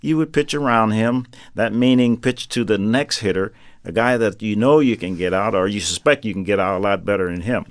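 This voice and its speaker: An older man in his seventies with a low voice recalls old games in an interview. He is relaxed, with dry humor and lots of halting restarts. The sound is close and dry. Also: dry recording. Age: 70s. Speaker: retired pitcher, guest. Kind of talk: interview storytelling.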